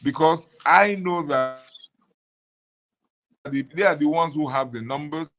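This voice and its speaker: A man from Nigeria, a candidate being interviewed, making earnest, halting promises. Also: on the high side, fairly bright tone, slight background noise. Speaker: political candidate guest. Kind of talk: interview answer.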